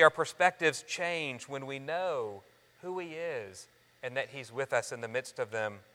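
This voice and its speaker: A pastor delivering a sermon in a fairly high, bright voice. He pleads earnestly with his congregation as friends, rising to loud emphasis and dropping almost to a hush. A long reverb from the large sanctuary trails every phrase. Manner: earnest, swinging between loud emphasis and soft near-hushed lines.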